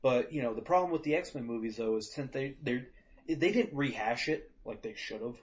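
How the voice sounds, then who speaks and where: A man's voice: medium pitch, animated, moderate pace. A man co-hosting a podcast in casual chat, swearing freely and acting out quotes as he jokes. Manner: profane, joking, acts out quotes. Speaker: podcast co-host. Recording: dull lo-fi podcast audio.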